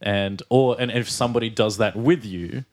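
A man's voice: lowish voice, moderate pace, a little mellow. A man co-hosting a casual podcast, rambling with lots of fillers and repeated words, joking along. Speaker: podcast co-host. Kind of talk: casual chat.

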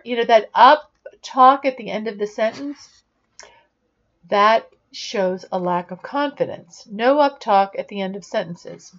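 A woman leadership coach talks through a podcast monologue in a deliberate, instructive manner. Her voice sits at an ordinary middle pitch. The recording is slightly dull and lo-fi.

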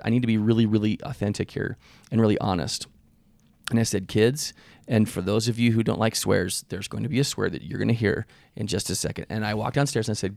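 A man's voice: on the low side, creaky, no echo, clean studio sound. A man in his thirties co-hosting a podcast, telling candid personal stories in casual chat and laughing often. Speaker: podcast co-host, husband.

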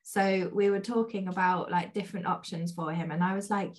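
A woman's voice: lowish voice, steady tone, brisk, hardly any pauses, darkish tone. Woman, podcast host, affirming, enthusiastic, conversational. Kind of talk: conversational interview.

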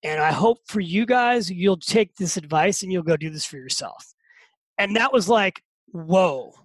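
High-voiced animated man in his fifties. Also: a little slow, no room sound, rough recording. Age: 50s. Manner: animated, repeats words when excited. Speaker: podcast guest, author. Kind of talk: casual storytelling.

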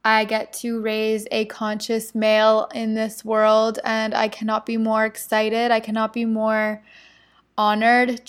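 A young pregnant woman hosting her own podcast, chatting about her life and tearfully reading a journal entry, laughing through tears. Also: fairly high pitch. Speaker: podcast host.

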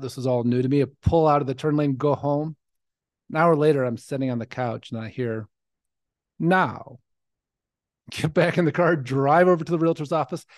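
A man in his forties with a somewhat high, darkish voice hosts a podcast, recorded at studio quality with no echo. In this personal storytelling monologue, he recounts his life story in an earnest, reflective way.

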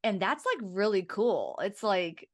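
A woman hosting a podcast, talking in a loose, chatty way with frequent laughter. She slips into lively little asides and voices for stories, at an ordinary middle pitch. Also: a little slow. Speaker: podcast host. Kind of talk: casual chat.

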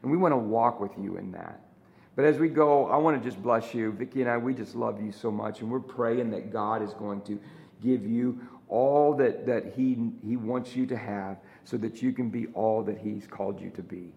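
A man's voice: fairly low pitch, normal speed, creaky, darkish tone, highs cut off. A male pastor giving a sermon with an earnest preaching style, full of repeated phrases and rhetorical questions. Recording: roomy echo of a large room.

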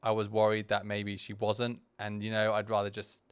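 A man hosting a podcast talks through his own video in a loose, rambling way, circling back with lots of restarts and asides. He is candid and self-deprecating, in a crisp, resonant voice recorded dry and close. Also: lowish voice, completely flat delivery, moderate pace, dry recording. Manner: rambling, full of "you know" and restarts. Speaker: podcast host.

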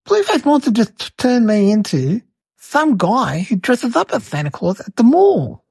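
A woman's voice: a little high, very animated, measured pace, creaky, darkish tone, husky, dry recording, heavily acted. A woman voicing a cheeky little boy, telling a silly story to the camera in a rambling, chatty way full of fillers.

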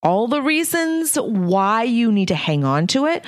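Speaking at a measured pace in a slightly high, sing-song voice, a middle-aged woman hosts a podcast. She's a leadership coach giving a candid, blunt, casual monologue with mild cursing. The audio is studio-clean, without echo.

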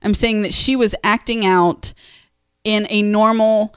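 A woman's voice: medium pitch, steady tone, a little slow, clean tone, dry recording, clean studio sound. A woman co-hosting a podcast, talking in a frank, matter-of-fact way. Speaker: podcast co-host. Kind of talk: casual chat.

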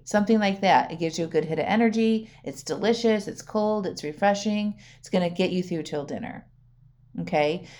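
A woman's voice: lowish voice, a little mellow. A middle-aged woman hosting a solo podcast as a wellness coach, chatty, often checking in with "right?" and laughing. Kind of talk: casual solo podcast talk.

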